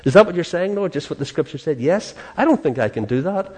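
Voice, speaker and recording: A man preaching a sermon in an earnest, animated way, acting out prayers and quotes, with a soft laugh now and then. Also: on the high side, quick pace, slightly rough.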